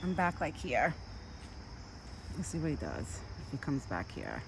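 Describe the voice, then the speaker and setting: A woman casually vlogging outdoors in a yard, rambling in a chatty way and cooing softly in a high voice to soothe her deer. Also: huge pitch swings, unhurried, creaky, background noise. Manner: rambling and chatty, full of "like" and "you know". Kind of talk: casual outdoor vlog chat. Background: crickets and outdoor nature sounds.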